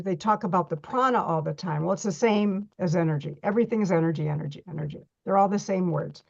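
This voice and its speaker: A woman's voice: mid-range voice, dull audio. Chatty middle-aged woman teaching reflexology. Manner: chatty, repeats words, restarts often. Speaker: reflexology workshop instructor. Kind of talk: online workshop teaching.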